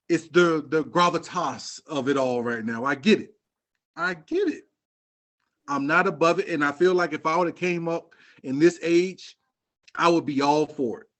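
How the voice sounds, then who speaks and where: A man with a fairly high voice rants about sports in loose, slangy podcast talk. He jokes and teases as he goes, keeping it casual and lively. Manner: animated rant, slangy and joking. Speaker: podcast co-host.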